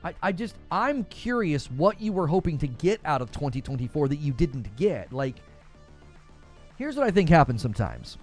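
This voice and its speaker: A man hosts a live gaming show from his home and talks straight to his viewers. His voice sits a bit high and jumps around a lot as he rambles. He often sounds incredulous, and soft music plays faintly underneath. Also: big pitch swings, moderate pace. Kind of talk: live-stream chat answering viewers.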